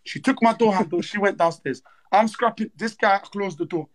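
A man hosting a livestream, retelling events in fast, slangy, repetitive chat. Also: high voice. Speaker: livestream host. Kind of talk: animated storytelling on a livestream.

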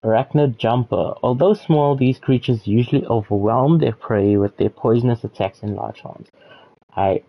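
A man's voice: mid-range voice, normal speed, creaky, no echo, lo-fi sound. A man streaming a video game, reacting casually, swearing now and then, and reading in-game text aloud. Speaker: gaming streamer. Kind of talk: let's play commentary.

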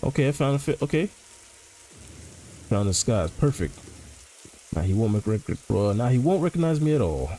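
A man's voice: mid-range voice, very animated, moderate pace, pauses often, mellow, poor audio. A man casually commentating as he plays a horror game, joking in slang and reacting to what happens. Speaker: gaming channel host.

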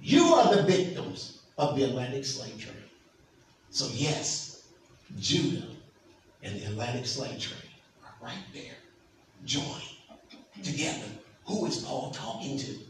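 A man's voice: medium pitch, big pitch swings, a little slow, pauses often. Male pastor, sermon, emphatic questions to the crowd, distant mic, faint noise. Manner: emphatic preaching, asks the congregation questions. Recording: echoey hall from far off, faint noise.

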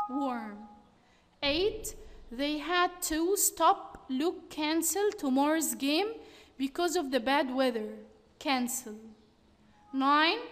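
A woman's voice: high voice, fairly bright tone, big-room sound. A woman teacher reading out workbook exercises and giving the answers. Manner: slow, deliberate reading of answers. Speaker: English teacher.

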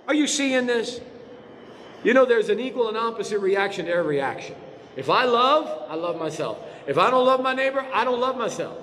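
A man's voice: very high-pitched, pushed and bright, slight background noise. A male pastor preaching a sermon in a church, emphatic, firing rhetorical questions at his congregation. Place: church sanctuary. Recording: reverberant church hall.

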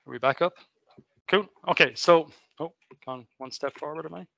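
Irish male lecturer with a bright tone. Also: on the high side, moderate pace, gravelly, no echo. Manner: chatty, filler-heavy, self-correcting. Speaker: engineering lecturer. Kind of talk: recorded online lecture. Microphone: webcam mic.

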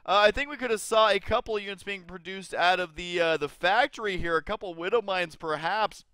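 Bright, high-voiced male caster, jokey and excitable play-by-play. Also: brisk, few pauses, clear, resonant tone, dry recording. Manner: excitable, jokey, often breaks into high-pitched shouts. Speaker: esports caster. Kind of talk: game commentary.

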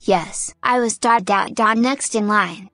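A timid young zebra filly speaks in a soft, hesitant voice that keeps trailing off mid-thought, as a woman reads her lines. She sounds unsure of herself, her words small and careful. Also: mid-range voice, slow, no room sound, faint music behind. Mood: timid, sad.

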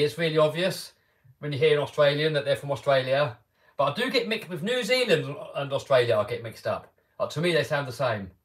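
A man from England with an English accent and a voice pitched a little above average. He chats casually and cheerfully with viewers on a live stream, restarting sentences and filling gaps with 'uh' and 'I mean'. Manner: chatty and upbeat, with many restarts and fillers. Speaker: RC car YouTuber hosting a live stream.

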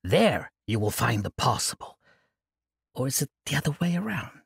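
A man's voice: mid-range voice, very animated, normal speed, gravelly, slightly rough, no echo, studio quality, heavily acted. A man voicing an eccentric, childlike old monk who speaks grandly and playfully in an audiobook. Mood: whimsical. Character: eccentric ancient male monk, childlike and mischievous.

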